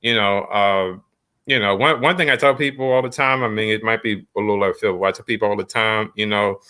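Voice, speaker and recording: A man hosting a podcast, talking in a reflective, halting way with frequent restarts. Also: lowish voice, steady tone, sharp tone. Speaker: podcast host. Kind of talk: casual podcast conversation.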